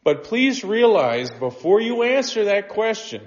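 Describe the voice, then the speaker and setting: A male pastor preaching a sermon, moving between quiet, intimate passages and rising, impassioned appeals. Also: sits high, very animated, unhurried. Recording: dull sound with long reverb of a church hall.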